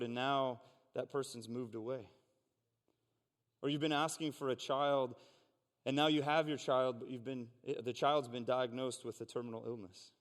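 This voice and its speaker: A man delivering a sermon in a church, moving between reading scripture and earnest, conversational asides. His mid-pitched voice carries a long reverb from the hall around him. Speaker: pastor. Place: church sanctuary.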